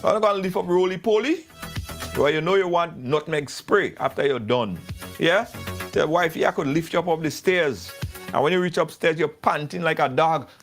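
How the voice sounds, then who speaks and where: A middle-aged man hosting a live show, pitching products and telling stories in an excitable, repetitive way. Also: moderate pace. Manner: storytelling, excitable, repeats himself. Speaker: live show host doing product ads. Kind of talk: animated live-stream ad chat. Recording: faint music behind.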